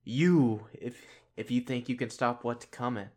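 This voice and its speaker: Giggly, halting man on a podcast. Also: mid-range voice, darkish tone. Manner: laughs often, halting, acts out quotes. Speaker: podcast co-host. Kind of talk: casual podcast chat.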